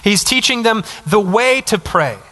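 A man's voice: high voice, lively intonation, a little slow, sharp tone. A pastor in his thirties preaching a sermon in a conversational, emphatic way, with asides to the congregation.

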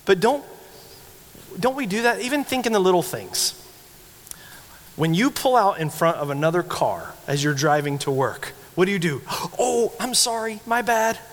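A man delivers a sermon with a high, bright-toned voice that carries a long reverb, as if filling a large sanctuary. He tells stories animatedly, acting out quoted lines. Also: lively intonation, normal speed, pauses often. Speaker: pastor.

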